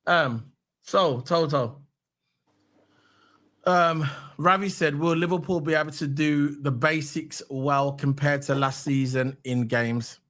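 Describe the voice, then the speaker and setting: A man's voice: on the high side, steady tone, slow, fairly bright tone. A British man hosting a casual live stream, blunt and opinionated, repeating his phrases. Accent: British English. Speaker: streamer host. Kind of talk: casual chat.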